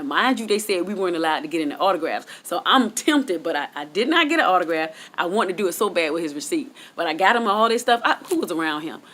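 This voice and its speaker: A woman vlogger telling a casual story to her viewers in chatty vernacular speech. She gets excitable and jumps high in pitch on her punchlines. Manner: chatty Southern US vernacular, talks straight to viewers. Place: at home, outdoors.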